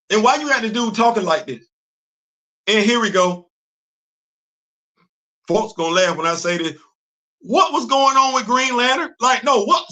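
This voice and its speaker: A man hosting a casual live-stream commentary, animated and rhetorical, laughing often as he talks. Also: high voice. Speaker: host.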